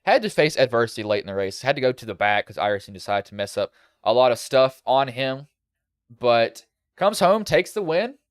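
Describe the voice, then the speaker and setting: Male sim racing host, slight country lilt, relaxed rambling recap, crisp and dry on a headset. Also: mid-range voice, normal speed, no echo. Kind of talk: post-race commentary.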